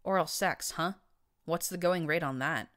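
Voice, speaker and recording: A woman's voice: on the low side, normal speed, a bit bright, close to an everyday voice. Woman doing a blunt old gray mare boss. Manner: dry, blunt, matter-of-fact. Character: older gray mare, gruff maintenance boss.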